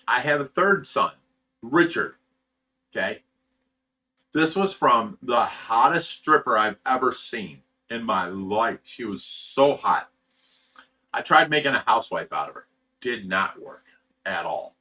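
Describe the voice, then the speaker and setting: A man's voice: mid-range voice, animated, measured pace, long pauses, sharp tone, husky. A man hosting a livestream, telling a personal story in a blunt, profane, rambling way with many restarts. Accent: Ohio. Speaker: livestream host of a fish rescue channel.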